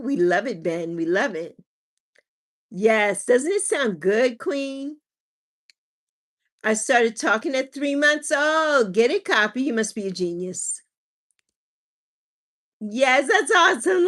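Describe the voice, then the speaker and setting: A woman hosting a livestream in casual chat, who reads viewer comments aloud and laughs often. She is a mother. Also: on the high side. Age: adult with a child. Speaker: livestream host.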